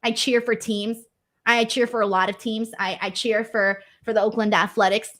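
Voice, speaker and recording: A woman's voice: a little high, little pitch movement, moderate pace, fairly bright tone. A young woman hosting a casual livestream, reading viewer comments and telling funny stories in a chatty, self-mocking way. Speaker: wrestling show host reading super chats.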